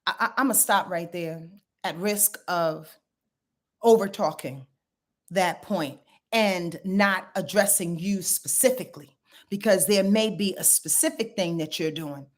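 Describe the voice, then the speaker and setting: A middle-aged woman astrologer chatting casually with her viewers on a livestream, blunt and animated, telling stories and swearing freely. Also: fairly low pitch, unhurried. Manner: blunt, animated storytelling with profanity and laughs. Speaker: astrologer and tarot reader.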